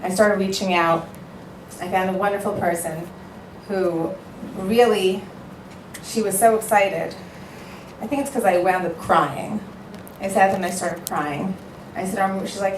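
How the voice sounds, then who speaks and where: Woman speaker at an event, emphatic and heartfelt, mid-pitched, light room noise. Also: unhurried, long pauses. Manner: emphatic, storytelling, repeats for effect. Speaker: matchmaker giving a speech. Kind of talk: earnest speech to an audience. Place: event hall with a live audience. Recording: echoey hall, voice picked up from a distance.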